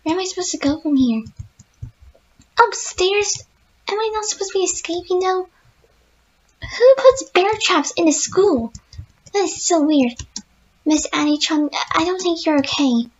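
Fluttershy, a woman voicing a very high, timid pony. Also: lively intonation, a little slow, pauses often, lo-fi sound. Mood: nervous, scared. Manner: jittery, easily spooked, talks to herself. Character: timid, gentle young female pegasus pony. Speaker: let's-play gamer in character. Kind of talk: in-character game commentary.

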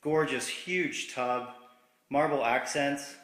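Steady and slow, his mid-range voice has a fairly bright tone. The real estate agent strolls through a large empty house room by room, filming on a handheld camera and keeping the tour casual, upbeat and full of jokes, while the bare rooms echo.

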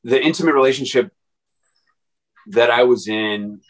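A man's voice: mid-range voice, moderate pace, poor audio. A man guest on an interview podcast, telling his story casually in a rambling way with many fillers and restarts. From Texas.

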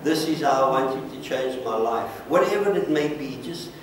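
A man's voice: medium pitch, lively intonation, moderate pace, a little hiss or hum. A man leading an altar call as pastor, praying earnestly and repeating short pleading blessings over the congregation. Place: large church sanctuary. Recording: very echoey church from far off.

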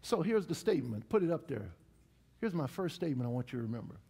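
Pastor guy preaching in church, husky voice, swings up and down a lot, calls out to the crowd. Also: on the high side, quick pace. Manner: lively preaching with call-and-response. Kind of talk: sermon. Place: church sanctuary.

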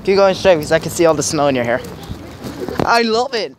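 A young man with a high, light voice narrates a handheld vlog while walking a snowy city street. He rambles cheerfully and often stalls to search for words. Traffic and street noise run loudly behind him. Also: expressive, a little fast. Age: young adult. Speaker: vlogger filming his family walk. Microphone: handheld camera.

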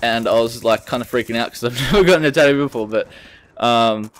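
A brisk, medium-pitched male voice belongs to a young Australian gaming channel host in his late teens. Telling a story over gameplay in a casual rant, he swears often, stays animated and keeps breaking off to restart sentences.

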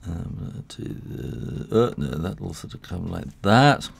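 A man's voice: low-pitched, big pitch swings, slow, creaky, husky. A man who illustrates books, talking through a live drawing tutorial in a chatty, rambling way with frequent chuckles, working in a studio next to his house. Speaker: illustrator and author.

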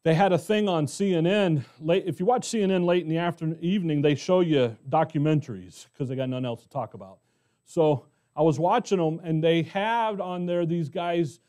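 A middle-aged American pastor teaching verse by verse in a conversational way, often asking the congregation questions. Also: male voice, on the high side, mellow. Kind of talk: expository Bible teaching.

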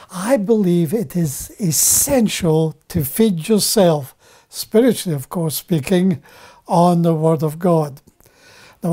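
An older man teaches from the Bible at an unhurried, careful pace. His voice is mellow and soft-edged, and he often pauses and repeats a word to stress it. The delivery is that of a preacher. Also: sits high. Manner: deliberate, halting, repeats words for emphasis. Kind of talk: slow spoken Bible teaching.

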